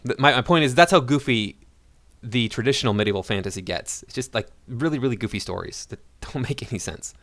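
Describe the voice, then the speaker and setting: A man's voice: mid-range voice, animated, fairly quick, a bit bright, no room sound. A man giving sarcastic, indignant reaction commentary on a video clip. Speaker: YouTube commentator.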